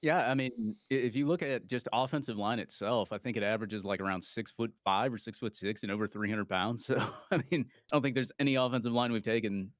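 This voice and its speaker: Co-host, man, mid-pitched, rambling and chuckling, dry close sound. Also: a little fast, hardly any pauses, dry recording. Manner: rambling, laughs between points. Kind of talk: casual sports chat.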